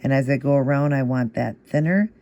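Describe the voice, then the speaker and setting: Captured with lo-fi sound, a man with a medium-pitched, gravelly, mellow voice talks a little fast through a nail art tutorial. He keeps it casual and stepwise, patiently repeating moves in a steady rhythm and encouraging viewers.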